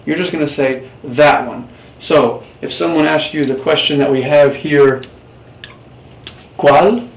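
A man's voice: fairly high pitch, steady tone, normal speed, creaky, few pauses, recorded from a distance. A man teaching a Spanish class in a recorded lecture, explaining step by step and quizzing his students. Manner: patient, explains step by step, asks the class questions. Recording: roomy, off-mic, faint background hiss.

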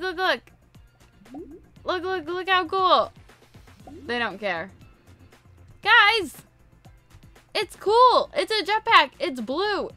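A woman's voice: sits high, bright, forceful tone, dry recording. A woman giving casual, playful let's-play commentary, chatting to her viewers and repeating herself often. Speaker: gaming video host.

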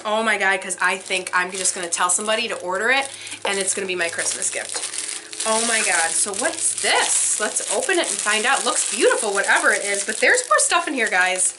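A young woman vlogger gushes breathlessly over each item she unboxes, exclaiming again and again. Her voice sits a little high and comes across bright and forceful. A faint noise runs under the recording. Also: lively intonation, moderate pace. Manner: gushing, breathless, frequent exclamations. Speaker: vlogger unboxing a subscription box. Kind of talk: excited unboxing vlog.

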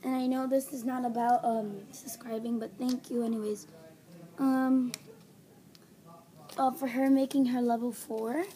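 A female vlogger unboxing at home, gushing and gasping with breathless excitement. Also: fairly high pitch, unhurried, pauses often. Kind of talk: excited doll unboxing vlog. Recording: home recording with background noise.

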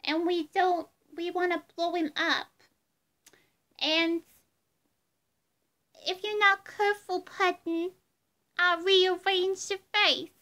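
A woman doing an impression of a zany young female villain sidekick, giddy and threatening, in a squeaky sing-song taunting voice. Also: little pitch movement, slow, pauses often, pushed and bright, heavily acted. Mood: teasing.

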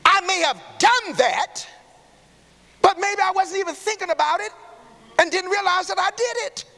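A man preaching a sermon to his church. He calls out to the congregation and builds to shouts. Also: extremely high pitch, moderate pace. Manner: call-and-response preaching, rising to shouts. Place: church sanctuary. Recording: long hall reverb in a church.

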